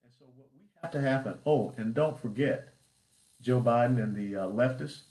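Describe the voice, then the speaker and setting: A man's voice: medium pitch, normal speed, a little mellow. Emphatic man in an echoey room. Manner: emphatic, punchy lists and rhetorical questions. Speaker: party chairman. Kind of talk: political commentary livestream. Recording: roomy echo.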